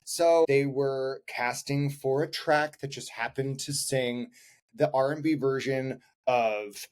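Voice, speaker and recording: A man in a casual podcast chat, telling a story with playful energy. His voice sits in a middle range, and his delivery is lively and animated. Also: mid-range voice, takes it slowly, smooth. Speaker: podcast co-host, actor.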